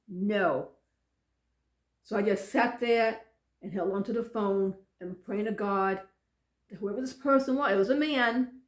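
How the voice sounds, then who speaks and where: A woman pastor telling a personal story, emotional and animated, often repeating phrases. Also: a little high, reverberant.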